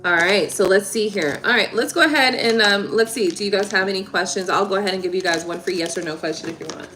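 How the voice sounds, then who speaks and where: A woman reading tarot on a livestream, chatting casually and warmly with viewers, laughing and getting emotional. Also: medium pitch, fast talker. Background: soft background music.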